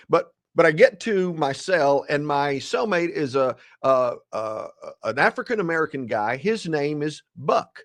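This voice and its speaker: A man in his sixties, a guest telling a story in a lively, dramatic way and acting out the quotes. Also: fairly high pitch. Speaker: guest, ethics speaker. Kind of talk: animated storytelling.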